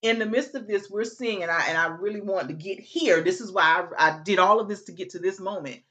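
A woman's voice: mid-range voice, a little fast, pushed and bright, dull audio. A woman hosting a casual talk. She speaks earnestly and with emphasis, thinking aloud as she builds toward her point. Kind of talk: casual chat.

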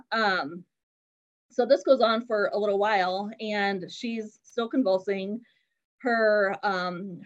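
A middle-aged woman telling an earnest personal faith testimony in steady storytelling. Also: mid-range voice, lo-fi sound. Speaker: guest sharing a testimony.

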